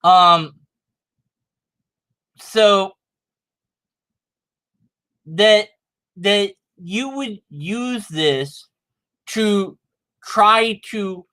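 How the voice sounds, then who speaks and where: A man's voice: high-pitched, animated, very slow, pauses often, sharp tone. A man giving sarcastic, rambling commentary on a sermon clip, mocking the preacher's arguments. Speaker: video commentator.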